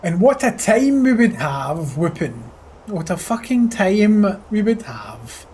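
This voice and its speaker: A man's voice: sits high, very animated, slow pace, a little mellow, a little hiss or hum. A Scottish man chatting casually on a flight sim live stream, full of crude, profane joking banter with his chat. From Scotland.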